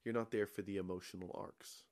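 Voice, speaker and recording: A man guesting on a podcast in casual chat, rambling into absurd jokes with a deadpan delivery. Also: sits low, brisk.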